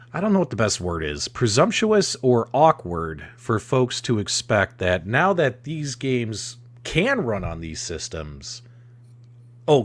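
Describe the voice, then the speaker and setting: A man hosting a gaming podcast, talking in an excitable, animated way. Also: lowish voice. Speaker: podcast host. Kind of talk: casual chat.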